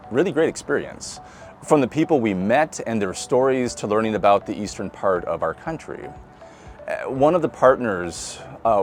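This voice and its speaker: A male pastor with a Midwestern accent gives a relaxed, conversational sermon. His pitch moves widely and expressively, he asks his listeners questions, and faint music plays underneath. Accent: Midwestern American. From Nebraska. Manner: conversational, asks the congregation questions, laughs lightly.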